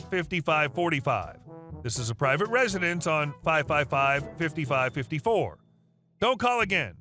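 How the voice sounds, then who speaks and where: A man's voice: sits high, pushed and bright. A man narrating online stories in a wry, dry scripted manner.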